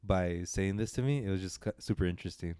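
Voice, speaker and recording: A man co-hosting a podcast talks fast in a deep, mellow, clean voice. He chats casually and rambles through a long story with many restarts. The studio sound is clean, with no echo.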